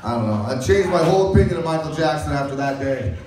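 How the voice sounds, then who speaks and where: A male stand-up comic with a high voice who rambles through crude jokes and often laughs at them himself. His set rings through a very echoey room. He sounds well back from the microphone. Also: animated, quick pace, crowd noise. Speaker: stand-up comedian. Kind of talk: stand-up routine. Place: comedy stage. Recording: echoey room, mic far off.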